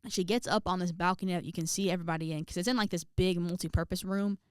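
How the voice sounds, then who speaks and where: A young adult woman telling a story on her vlog in a sassy, animated way, with exaggerated outbursts. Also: on the low side, fast, smooth, no echo, clean studio sound. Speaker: vlogger.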